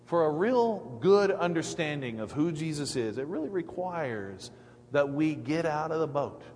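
Slow-speaking preacher in a reverberant church. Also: male voice, on the high side, very animated, darkish tone. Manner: conversational, reflective, with frequent filler pauses. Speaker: pastor. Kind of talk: sermon. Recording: echoey hall, faint hum.

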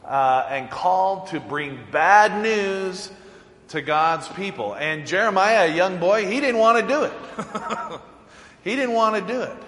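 A man's voice: sits high, a little slow. A man preaching a sermon as a pastor, telling the story with animation, chuckling often and acting out the lines. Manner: animated, chuckling storyteller who acts out quotes. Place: church sanctuary. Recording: echoey church hall.

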